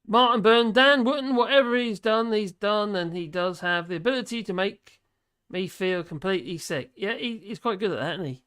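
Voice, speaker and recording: On his live stream, a man with a smooth, high, fairly bright voice reads news and viewer chat aloud at a moderate pace. The tone is casual and wry, punctuated by plenty of laughter.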